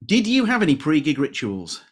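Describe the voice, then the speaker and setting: A man hosting a podcast, chatty, quick to laugh and self-deprecating. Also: fairly high pitch, huge pitch swings, husky. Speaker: podcast host. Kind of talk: casual podcast interview.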